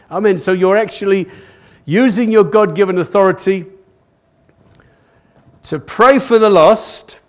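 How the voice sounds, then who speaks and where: An older man, a pastor, preaching a sermon to a live congregation in a church, repeating phrases for emphasis and calling out "Amen?" to the room. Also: a little high. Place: church service, recorded live.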